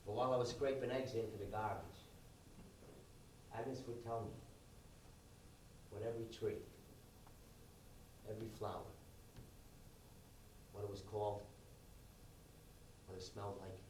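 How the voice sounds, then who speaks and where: A man doing a soft-spoken elderly husband. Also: on the low side, steady tone, measured pace, pauses often, voice pushed down, close to an everyday voice. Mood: tender, wistful. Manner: soft, quiet, wistful storytelling. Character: gentle elderly man fondly recalling his wife. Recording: echoey live room, distant mic, noisy.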